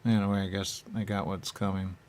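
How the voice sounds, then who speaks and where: A man talks as a dead spirit in the first person, his pitch barely moving and his tone a little mellow, with slight background noise. He rambles haltingly, trails off into fillers, and takes on high voices for quotations.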